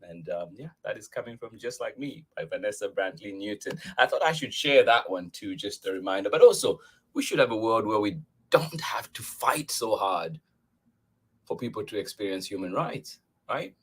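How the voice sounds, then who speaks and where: A man hosting a children's storytime show, chatting warmly with viewers and then reading a picture book aloud, thanking people often and laughing easily. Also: on the low side, lively intonation, moderate pace, slightly rough. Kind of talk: upbeat chat with viewers and read-aloud.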